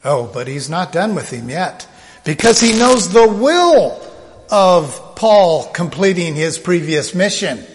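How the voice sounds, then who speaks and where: A man preaching a sermon, slow and emphatic, now and then acting out the voices he quotes. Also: a little high, long reverb tail.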